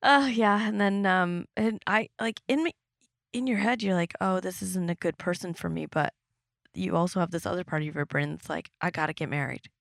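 A woman's voice: fairly low pitch, moderate pace, creaky, dry recording, studio quality. A woman hosting a podcast, chatting casually with a friend, rambling and laughing often. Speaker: podcast host. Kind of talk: casual chat.

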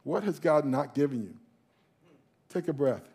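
A male pastor preaching a sermon, emphatic, slowing down and leaning on key phrases. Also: fairly high pitch, animated, vocal fry, a little mellow, slightly rough.

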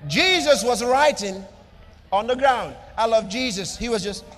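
A man preaching a sermon with an emphatic, repetitive cadence, swinging between loud declarations and soft asides. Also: extremely high pitch, animated, a little slow, big-room sound. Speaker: pastor.

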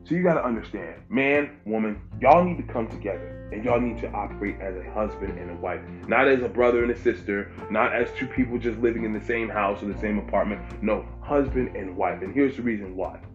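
Male pastor, mid-pitched, preaching informally with emphatic repetition; muffled recording, soft music underneath. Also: fairly quick, hardly any pauses. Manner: emphatic, repeats phrases for stress. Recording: dull lo-fi with faint music.

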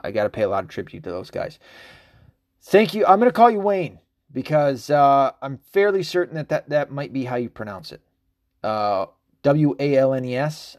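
A man hosting a casual solo podcast. He rambles, swears often and fills his talk with ums, uhs and quick laughs. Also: mid-range voice, darkish tone, no room sound, clean studio sound. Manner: rambling and profane, with frequent fillers and laughs. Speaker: podcast host.

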